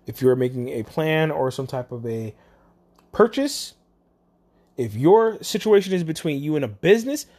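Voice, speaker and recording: In a casual monologue straight to camera, a blunt, foul-mouthed speaker chats about phone customer service jobs. The delivery is sing-song and moderately paced, in a slightly mellow voice of medium pitch.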